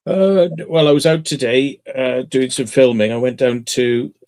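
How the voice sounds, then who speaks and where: A man's voice: mid-range voice, fairly even intonation, normal speed, darkish tone. A man who hosts a channel, chatting casually and rambling through stories with plenty of fillers. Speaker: channel host. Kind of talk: casual chat.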